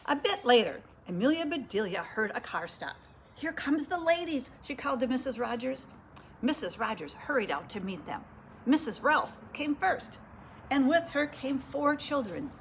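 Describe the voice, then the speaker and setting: A woman reading a picture book aloud to children, lively and inviting listeners to join in. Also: a little high, moderate pace, a little hiss or hum. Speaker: storyteller.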